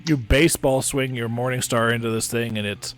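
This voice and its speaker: A man's voice: mid-range voice, steady tone, brisk, fairly bright tone. A man running a tabletop game as game master, describing the action casually with many restarts. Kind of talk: narrating and ruling a tabletop game.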